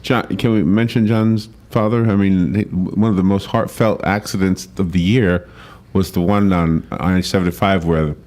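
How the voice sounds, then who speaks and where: Radio host guy w a cold, voice going hoarse, chatty, lowish pitch. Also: fairly even intonation, moderate pace, a little mellow. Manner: chatty, asks short follow-up questions. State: hoarse, losing his voice from a cold. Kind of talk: casual radio chat.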